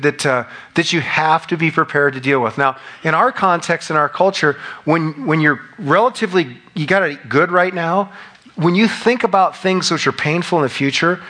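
A middle-aged man preaching a conversational sermon, animated, with emphatic rising peaks. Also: mid-range voice. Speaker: pastor.

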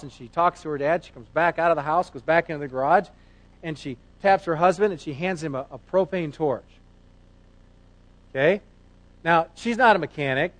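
A middle-aged man preaching a sermon in a conversational, animated way, asking rhetorical questions. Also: a little high. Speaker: pastor.

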